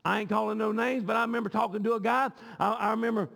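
A man preaches a sermon with a very high voice that has a gravelly edge. He is impassioned and often repeats words as he pushes his point. The sound rings with the long reverb of a church sanctuary. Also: fairly even intonation, fast, fairly bright tone. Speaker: pastor.

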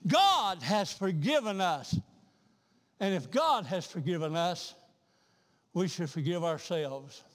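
High-voiced preacher in a reverberant church. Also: male voice, animated, slow, pauses often. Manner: rhythmic, repeats himself, builds to loud fervent crescendos. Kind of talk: revival sermon. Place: church sanctuary.

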